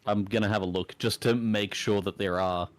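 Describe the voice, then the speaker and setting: A man's voice: lowish voice, steady tone, moderate pace, dry recording. A man playing a tabletop game, stating his character's actions matter-of-factly. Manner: matter-of-fact, describes actions. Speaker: player.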